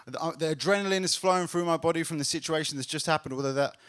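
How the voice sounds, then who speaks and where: A man performing a stand-up comedy set on a club stage, telling a story and building to loud laughs. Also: fairly high pitch, racing, clear, resonant tone.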